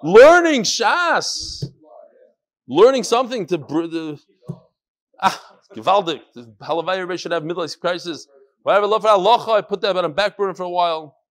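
A man's voice: high-pitched, brisk, a bit bright. A man hosting a casual chat show, reading listener emails aloud with joking asides.

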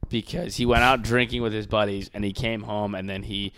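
A young man in casual podcast chat, telling stories in a profane, animated way. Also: lowish voice, brisk, slight background noise.

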